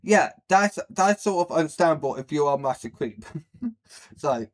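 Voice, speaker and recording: A man's voice: a little high, lively intonation, moderate pace. A man hosting a reaction video, who rambles bluntly with many fillers and says he has a speech problem. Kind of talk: casual reaction commentary.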